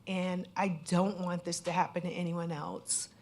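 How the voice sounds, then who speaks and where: A woman's voice: lowish voice, little pitch movement, measured pace, a little mellow, a little hiss or hum. Candid woman telling her own story. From Connecticut. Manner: earnest, candid, with many "you know" fillers. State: at times emotional. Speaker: scam victim speaking on a panel. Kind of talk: personal testimony at a panel event.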